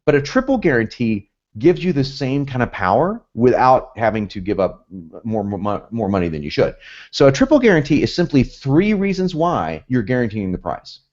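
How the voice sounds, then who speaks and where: This man's mid-range voice has a sing-song lilt, a moderate pace and a darkish tone, captured on a muffled recording. His Southern US accent carries some Northern traces, as he comes from both the North and South of the United States. He teaches a copywriting course with pumped-up, emphatic energy, repeating himself and slipping in asides.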